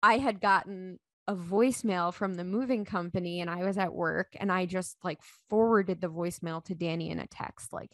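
A woman in her thirties, a podcast guest, telling a personal story in casual chat, animated and laughing often as she acts out the dialogue. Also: lowish voice, normal speed, hardly any pauses, no room sound.

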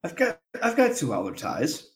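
A man's voice: on the high side, huge pitch swings, normal speed. A man hosting a podcast, making rambling announcements and chatting casually. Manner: rambling announcements with many fillers and restarts. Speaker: podcast host.

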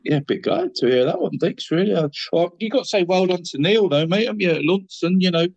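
A man's voice: sits high, expressive, fast, darkish tone, no echo, highs cut off. Rambling middle-aged man. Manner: rambling, says mate after every phrase. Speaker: co-host of a football show. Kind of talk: casual football chat.

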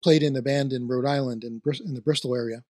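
A man with a Philadelphia-area accent hosts a casual chat, circling his points with fillers and restarts. His voice sits at a middling pitch. The recording is dry and close. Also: steady tone, quick pace, darkish tone, no echo. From New Jersey, near Trenton. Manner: rambling, many fillers and restarts. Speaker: podcast host.

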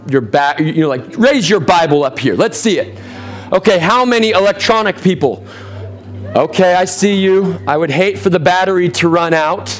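A man preaching a sermon to a live congregation, energetic and calling for responses. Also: sits high. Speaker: pastor. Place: church sanctuary with congregation.

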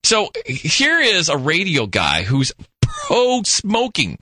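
A man's voice: high-pitched, wildly swooping pitch, takes it slowly, pushed and bright, dry recording. A male radio host telling a rambling, jokey story on air into a studio mic. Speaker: radio talk show host. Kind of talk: talk radio monologue.

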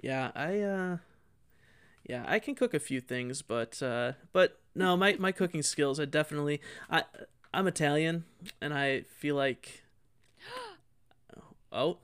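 A man's voice: a little high, a little slow, a bit bright, clean tone. A male podcast host with a slightly raised voice, chatting loosely with guests. He laughs often and rambles through "uh"s and "um"s, keeping it easygoing. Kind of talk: casual chat.

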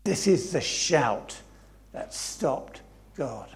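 A man's voice: medium pitch, big pitch swings, drawn-out words. A man, preaching a sermon in a church, reading scripture and repeating phrases for emphasis. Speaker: pastor.

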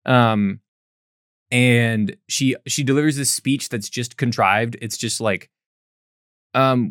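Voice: mid-range voice, takes it slowly, pauses often, no echo. A podcast host telling a bad movie's story with sarcasm and plenty of swearing. The voice sits mid-range and is recorded close and dry, with no room sound. The delivery is loose, chatty and full of disdain. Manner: sarcastic, profane, lively storytelling. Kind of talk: casual chat recapping a bad movie.

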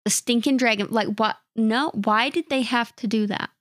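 A woman's voice: fairly high pitch, moderate pace, a bit bright, no echo. Laid-back woman co-host, dry close sound. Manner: laid-back, self-deprecating, giggly. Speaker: podcast co-host. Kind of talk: casual chat on a live stream.

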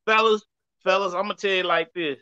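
A man's voice: high-pitched, fairly even intonation, brisk, sharp tone, smooth, lo-fi sound. Emphatic man lecturing the fellas. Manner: emphatic, repeats "I'ma tell you right now", addresses the fellas. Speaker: podcast co-host. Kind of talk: casual panel chat.

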